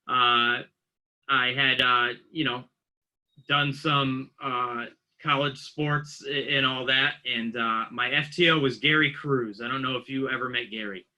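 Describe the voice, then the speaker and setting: A man's voice: mid-range voice, fairly even intonation, unhurried, sharp tone, rough recording. A man in his late thirties, a police officer guest on a podcast, telling stories casually and acting out the voices of the people in them. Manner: anecdotal, acts out quoted voices. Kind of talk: casual storytelling.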